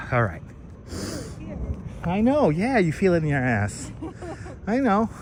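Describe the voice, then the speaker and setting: A man's voice: high voice, sing-song, measured pace, noisy background. Chatty man hosting a walking live stream. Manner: chatty, reads out and thanks viewers' comments. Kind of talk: casual live-stream walking tour chat. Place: outdoors on city streets and in a park. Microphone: wireless clip-on mic.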